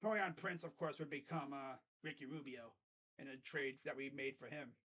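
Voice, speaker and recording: A fan streamer calling a basketball game live, play-by-play style, mixing excited calls with sarcastic jokes and quiet mutters. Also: mid-range voice, normal speed. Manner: joking, sarcastic asides. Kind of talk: casual live play-by-play reaction.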